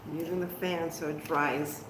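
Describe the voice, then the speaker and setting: A woman's voice: low voice, fairly even intonation, moderate pace. A middle-aged woman hosting a casual live crafting stream at home, chatting to viewers and laughing at her own mistakes. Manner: chatty, self-deprecating, talks to viewers. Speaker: crafting livestream host. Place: at home, moving outdoors. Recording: roomy home echo, faint background noise.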